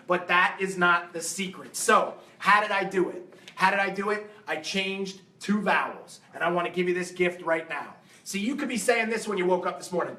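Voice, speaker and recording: A man giving an energetic, emphatic motivational talk to a live seminar audience, firing rhetorical questions at them. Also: high-pitched, brisk. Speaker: fitness coach and motivational speaker. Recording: roomy hall sound, mic at a distance.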